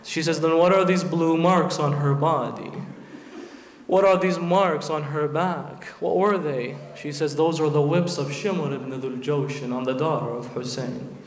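A man's voice: fairly high pitch, unhurried. A man delivering a Muharram sermon, telling the story dramatically and voicing the figures in it. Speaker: preacher. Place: large prayer hall. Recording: roomy hall echo.

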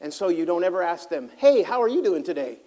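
A man preaching a sermon as pastor, swinging between loud fervent passages and hushed tender asides, acting out the people he describes. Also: high voice, sing-song, fast talker. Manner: acts out voices of people he describes.

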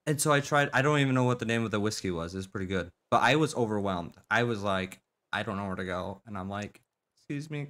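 A man's voice: on the low side, quick pace, fairly bright tone. A man from South Dakota streaming a game with friends, telling a story in casual chat, acting out quotes and swearing freely.

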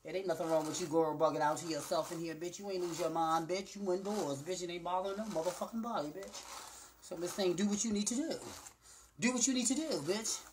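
A woman ranting to her phone camera indoors, campy and profane, calling everyone "girl" and swinging between loud bursts and low muttered asides. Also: quick pace, a little hiss or hum. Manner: brash, profane, campy, repeats "girl" and "honey" constantly. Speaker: vlogger. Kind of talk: sassy off-the-cuff rant to camera. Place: indoors, small room. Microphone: phone camera at arm's length.

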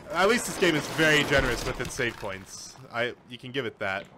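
A man streaming a game, commenting live, swearing often and breaking into panicked yells and laughter at a computer. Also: mid-range voice, sing-song, fairly quick, noisy background. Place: at a computer, keyboard and mouse.

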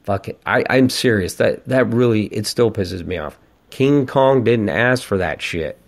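A man's voice: lowish voice, lively intonation, unhurried, gravelly. A man in his forties hosting a podcast, ranting and telling stories in a casual, profane monologue. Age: 40s. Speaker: podcast host.

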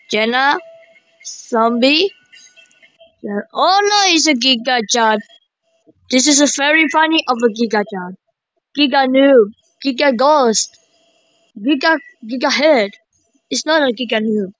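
A woman giving excited gameplay commentary, shrieking exclamations and repeating herself. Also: sits high, no echo. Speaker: gaming commentator. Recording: dry, dull lo-fi mic.

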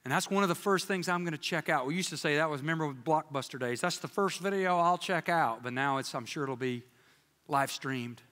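A man preaching a sermon as pastor, telling stories in an animated, joking way with playful quoted voices, in a church sanctuary. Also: on the high side, fairly quick, big-room sound.

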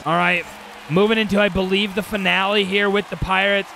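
High, gravelly, exasperated gaming commentator. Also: male voice, little pitch movement, brisk, sharp tone, slight background noise. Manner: exasperated, talks to himself and viewers with bursts of frustration. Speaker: gaming channel host. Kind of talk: live gameplay commentary.

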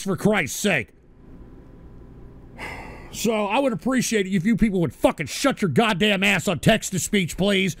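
High-voiced man ranting and shouting. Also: gravelly, no room sound. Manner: profane, exasperated, shouts often. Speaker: radio show host. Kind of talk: angry on-air rant.

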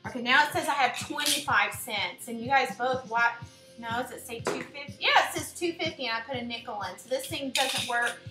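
A woman giving a blunt, animated casual rant to the camera as a vlogger. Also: on the high side, a little fast, roomy sound, loud music behind the voice.

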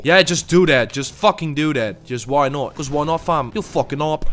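Young male gamer, commentary over play: muttered asides, sudden loud cursing taunts. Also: mid-range voice, moderate pace, hardly any pauses. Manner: excitable, swearing, trash-talking opponents; mutters to himself between loud outbursts. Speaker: gaming YouTuber. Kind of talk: live gameplay commentary.

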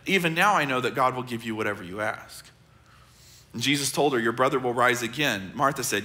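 Middle-aged American man, pastor, crisp bright tone, earnest conversational sermon, stage mic in a church. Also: medium pitch, brisk. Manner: earnest, conversational preaching with soft drops and repetition. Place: large church auditorium.

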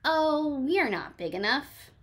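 A woman voicing a grouchy, boastful ladybug who picks fights and flies off, in a loud, high, challenging tone. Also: animated, takes it slowly, full character voice. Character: grouchy picky ladybug, boastful and quick to flee.

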